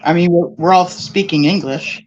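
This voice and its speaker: A woman's voice: lowish voice, moderate pace, a little mellow, muffled recording. A woman hosting a casual group chat, enthusiastic and affirming. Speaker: host.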